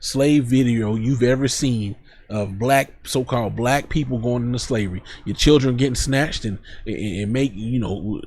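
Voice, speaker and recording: Male preacher, husky voice, reads verses then riffs bluntly in casual street talk. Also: medium pitch, moderate pace, a little mellow. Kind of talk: scripture teaching.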